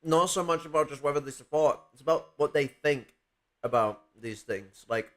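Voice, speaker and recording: A man's voice: fairly high pitch, normal speed, fairly bright tone. A man in a casual political discussion who argues his points at length and swears freely.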